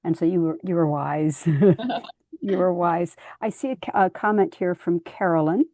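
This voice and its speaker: A woman's voice: lowish voice, normal speed, dark tone, dry recording. A woman hosting an online book launch over a video call, chatty and encouraging. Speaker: host.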